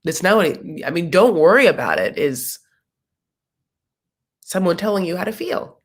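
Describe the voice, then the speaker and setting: A woman's voice: lowish voice, sing-song, normal speed. Chatty, sassy woman hosting a reaction chat. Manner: chatty and sassy, jokes and asides, acts out quotes. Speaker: recap show host. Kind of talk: casual live reaction chat.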